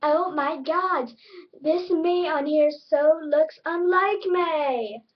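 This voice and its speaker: A woman's voice: high-pitched, slow pace, lo-fi sound, voice pushed up. Woman putting on a gushing vain girly self. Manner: gushing, self-admiring, squealy exclamations.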